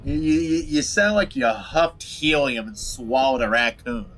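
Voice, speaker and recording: A man's voice: mid-range voice, a little slow, a bit bright. A man commentating casually over a video game, reading its text aloud with wry, swearing asides. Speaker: game streamer. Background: game music.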